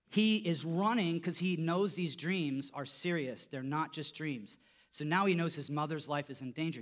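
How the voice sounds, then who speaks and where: A man preaching a sermon, telling a story, his voice dropping soft for quotes and rising when he stresses a point. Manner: storytelling, voice drops low for quoted lines and rises when emphatic. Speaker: pastor.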